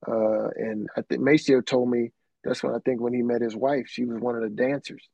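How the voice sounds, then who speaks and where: A man's voice: medium pitch, fairly even intonation, moderate pace, vocal fry, dark tone, dry recording, lo-fi sound. A middle-aged man, a keyboardist guest telling rambling anecdotes full of restarts and "man". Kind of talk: casual storytelling.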